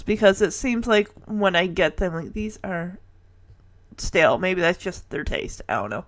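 Her voice sits on the low side, with lively intonation and an unhurried pace, and there's no room sound at all. This woman hosts a podcast and chats casually through a sitcom episode recap, giggling and acting out characters' quotes in playful voices.

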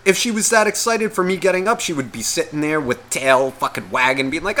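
A man's voice: a little high, a little fast, hardly any pauses. A man co-hosting a podcast, ranting in a profane, comedic way and acting out the voices in his head. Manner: animated, swearing, acts out inner voices. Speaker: podcast co-host.

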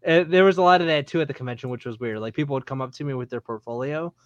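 A man's voice: mid-range voice, very fast, no room sound, muffled recording. Easygoing man telling convention stories, dry sound. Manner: laid-back anecdotes, acts out dialogue. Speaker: comic book creator guest. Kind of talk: casual chat.

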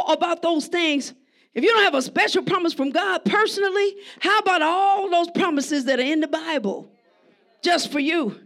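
A woman preaching a sermon, conversational and emphatic, often shouting out to the congregation. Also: very high-pitched, normal speed.

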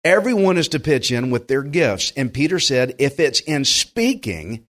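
In a mid-range voice and at a slightly slow pace, a Southern pastor delivers a sermon. He keeps it folksy and animated, imitating the people he quotes.

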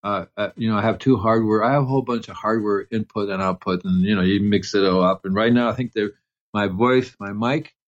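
A man with a fairly low voice hosts a casual gardening radio show, talking loosely and circling back with fillers and restarts. The sound is dull and lo-fi, with music running under his voice. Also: fairly quick. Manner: rambling, many fillers and restarts.

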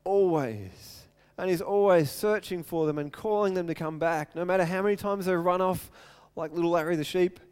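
A man's voice: high voice, moderate pace, few pauses, darkish tone, clear, resonant tone. A male pastor preaching an earnest sermon, retelling a story and acting out its quotes.

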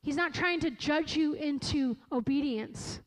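A woman preacher giving a sermon in an earnest, slow and emphatic way, often correcting herself mid-phrase. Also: high-pitched, low-quality recording.

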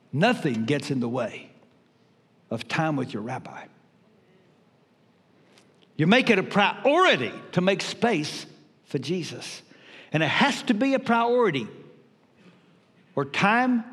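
An older man preaching a sermon as pastor, emphatic with dramatic pauses. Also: on the high side, a bit bright, husky. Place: church sanctuary. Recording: reverberant church hall.

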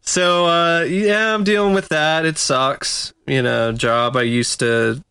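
A man co-hosting a podcast, talking casually and haltingly with lots of fillers. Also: on the high side, steady tone, sharp tone, smooth, dry recording, clean studio sound. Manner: hesitant, many fillers. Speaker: podcast co-host. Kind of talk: casual chat.

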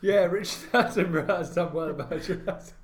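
A man's voice: sits high, a little fast, reverberant. A man co-hosting a casual podcast, full of playful slangy banter. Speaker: podcast co-host. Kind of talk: casual chat.

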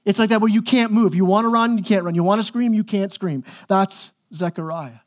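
Male pastor, higher register, conversational and emphatic sermon delivery with frequent repetition. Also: fairly quick. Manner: conversational and emphatic, repeats words when pressing a point.

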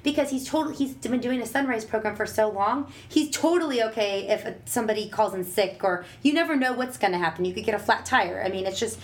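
Lively woman with a high voice. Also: a little fast, few pauses. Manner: animated, acts out exaggerated voices when quoting. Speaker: parent sharing advice. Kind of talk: casual advice chat.

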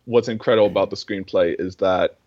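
Young man, low voice, dry muffled lo-fi mic, earnest rambling film talk. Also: fairly even intonation, brisk, darkish tone, no echo. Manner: earnest, rambling, many fillers and restarts. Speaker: film podcast co-host. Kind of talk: casual film discussion.

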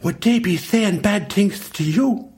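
A man's voice: high-pitched, unhurried, a little mellow, pitched above the performer's own voice. A man with an Irish accent voicing a timid, dreamy little boy dinosaur who speaks shyly. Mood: worried. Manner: shy, hopeful.

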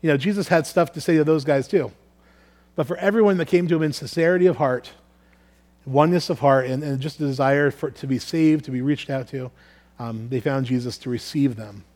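A man's voice: medium pitch, brisk, a little mellow. A man preaching a sermon earnestly, often repeating words as he works through his thoughts. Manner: earnest, repeats words while thinking aloud. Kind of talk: sermon with scripture reading.

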